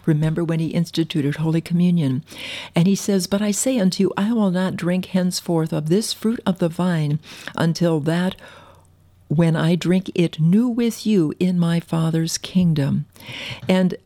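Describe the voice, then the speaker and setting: A woman preaching a sermon, earnestly quoting scripture in old-fashioned wording, with some halting restarts. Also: fairly low pitch, dark tone. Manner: earnest, quotes scripture in King James wording.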